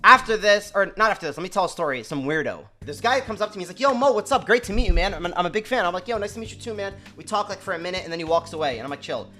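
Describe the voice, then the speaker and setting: Fast-talking young man telling a story. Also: high-pitched, lively intonation, pushed and bright, soft background music. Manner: fast slangy storytelling, quotes people in their voices; swearing, repeats "you know what I'm saying". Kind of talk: casual storytelling to stream.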